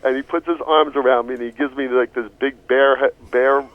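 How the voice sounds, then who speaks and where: A man telling a long, animated story on a radio talk show, swearing casually as he goes. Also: medium pitch, moderate pace, dry recording. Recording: tinny phone-like radio audio.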